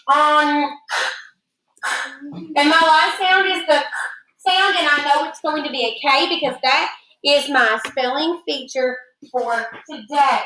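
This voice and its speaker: Teacher lady doing phonics with little kids, high bright voice, patient and sing-song. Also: slight background noise. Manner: patient, sing-song, slowly drawn-out words. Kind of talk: classroom phonics lesson. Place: classroom with children. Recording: echoey classroom.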